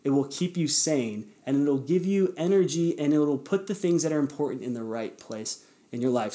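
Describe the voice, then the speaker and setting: Give me a man of middle pitch hosting a podcast, earnestly coaching his listeners in a casual way. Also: moderate pace, mellow. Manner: earnest, encouraging, addresses listeners directly; conversational, with fillers and self-corrections. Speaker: podcast host. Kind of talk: casual motivational podcast talk.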